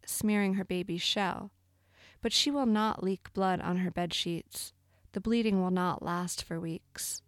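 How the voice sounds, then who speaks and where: A woman reading a literary short story aloud in a measured, brooding way. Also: medium pitch, no room sound, clean studio sound. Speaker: narrator. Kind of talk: scripted literary narration.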